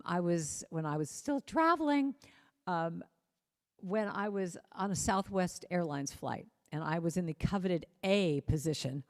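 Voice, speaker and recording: An American woman speaks gently and earnestly in a spiritual talk, lingering on key phrases. Her voice sits slightly low. Long reverb from a large hall trails after her words. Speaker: musician and inspirational speaker. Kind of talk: spiritual talk with sung chant.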